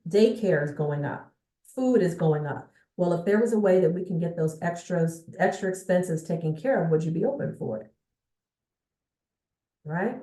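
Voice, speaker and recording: A woman's voice: lowish voice, dark tone. A woman giving a motivational sales coaching talk to viewers, emphatic and often checking in with her audience. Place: indoor room with a bookshelf behind her. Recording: echoey room.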